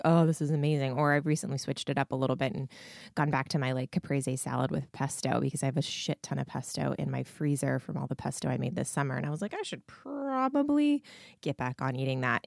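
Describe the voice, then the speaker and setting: Hoarse low-voiced woman podcast host. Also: dry recording, clean studio sound. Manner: candid, swears freely, frequent likes and ums. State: hoarse, froggy. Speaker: podcast host and weight loss coach. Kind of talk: casual answers to listener questions.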